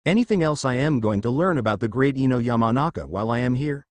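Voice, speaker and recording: A man's voice: mid-range voice, lively intonation, fast talker, no room sound, close to an everyday voice. A man reading the lines of a confident, teasing teenage boy who plays guitar, in a fan fiction story.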